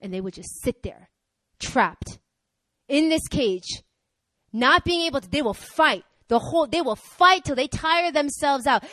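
A young woman preaching a sermon, conversational and energetic, swinging from loud exhortation to quiet asides. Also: high voice, unhurried, no room sound.

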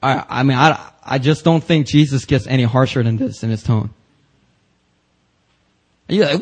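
A man's voice: medium pitch, moderate pace, pauses often, low-quality recording. A man preaching a church sermon, emphatic and casual, with slang and rising intensity on quoted passages. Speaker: pastor. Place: church service.

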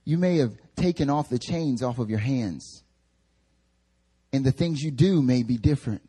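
A young male pastor preaching a sermon in a casual, slangy, animated way. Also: mid-range voice, moderate pace, slightly rough.

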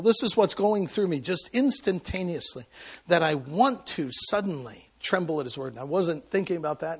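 Gravelly, husky man preaching. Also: high voice. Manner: emotional storytelling with sudden loud bursts and quiet asides. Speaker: pastor. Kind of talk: sermon.

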